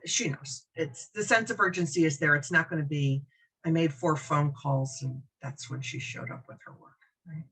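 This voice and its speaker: A middle-aged woman leads a business training session in a conversational way, calling on attendees by name and checking in with "okay?" as she goes. Her voice is bright and forward, with a husky edge. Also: low-pitched, normal speed, low-quality recording. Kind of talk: recorded workshop lecture.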